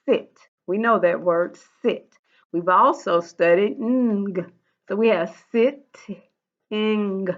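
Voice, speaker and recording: A woman teaching young children in a recorded lesson, speaking slowly and patiently. She drills each rule by repeating it, and her voice comes through a dull, lo-fi recording. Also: mid-range voice, vocal fry. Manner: slow, patient, repeats rules in a sing-song drill. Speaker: first grade teacher.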